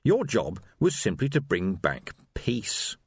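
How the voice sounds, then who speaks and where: A man narrating an audiobook in an expressive, wry storytelling voice. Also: on the low side, slow pace, breathy edge, no room sound, clean studio sound. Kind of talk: scripted narration.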